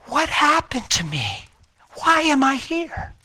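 A man imitating his frail wife, just out of a coma, in a small, tearful, high voice. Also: wildly swooping pitch, slow pace, pushed and bright, heavily acted. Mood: bewildered.

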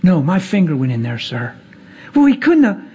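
A man's voice: moderate pace, slightly rough, muffled recording. A man preaching, telling a personal story with acted-out dialogue and emphatic rising passages. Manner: animated, acts out dialogue, rises to emphatic highs. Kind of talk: sermon storytelling.

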